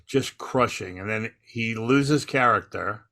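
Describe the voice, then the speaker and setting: A man with a bright, forceful voice tells old club stories on a podcast. He jumps into quoted voices as he goes, in a loose, chatty comedian's delivery. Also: fairly low pitch, slow, creaky. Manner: animated anecdote-telling, acting out other people's lines. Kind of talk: casual storytelling on a podcast.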